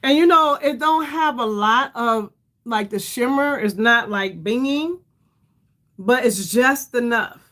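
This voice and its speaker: A woman's voice: fairly high pitch, takes it slowly, a bit bright. A middle-aged woman hosting a casual makeup livestream, chatty and rambling, calling her viewers "y'all" and sounding tired. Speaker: beauty livestream host.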